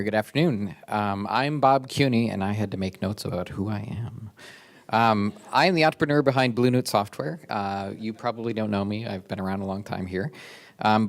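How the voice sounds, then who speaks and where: A man introducing the next speaker at an event, hesitant and full of ums and uhs. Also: lowish voice.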